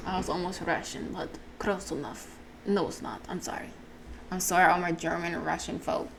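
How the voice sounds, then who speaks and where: A woman's voice: lowish voice, fairly even intonation, moderate pace, creaky, background noise. A woman hosting a let's play, reading game text aloud and commenting in a casual, wry, self-deprecating way. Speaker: gaming channel host. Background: game music.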